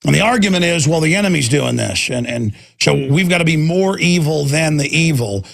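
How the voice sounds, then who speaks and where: A man's voice: a little high, lively intonation, a little fast, vocal fry, fairly bright tone. A man hosting a talk radio show, ranting intensely in a combative political monologue.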